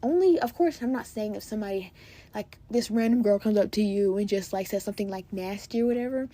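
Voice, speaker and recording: Chatty teenage girl with a husky voice. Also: medium pitch, fast, dark tone. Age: teens. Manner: chatty, emphatic, lots of "like" and "you guys". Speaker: podcast host. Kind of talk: casual advice chat.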